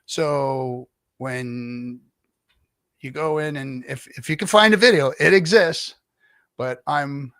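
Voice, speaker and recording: A man's voice: medium pitch, slow, a bit bright, dry recording. A middle-aged man chatting casually on a livestream, spinning a long anecdote and acting out other people's lines. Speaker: livestream guest telling stories. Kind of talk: casual storytelling chat.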